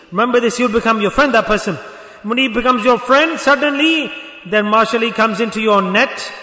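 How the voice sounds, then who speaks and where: A man preaching a lesson as a Sufi teacher, lively and acting out little dialogues, sometimes rising to a shout. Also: high-pitched, reverberant, in a large hall. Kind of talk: sermon.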